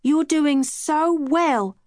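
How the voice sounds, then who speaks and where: A woman voicing a young girl, a gentle and anxious twin sister, talking softly and slowly in a pleading way. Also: high voice, no echo, studio quality, voice pushed up. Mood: encouraging.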